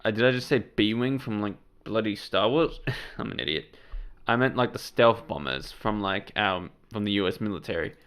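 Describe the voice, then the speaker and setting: A man's voice: fairly low pitch, normal speed, noisy background. A man of Serbian background hosting his channel, giving casual, rambling reaction commentary on a trailer. He corrects himself as he goes and swears freely. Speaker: channel host.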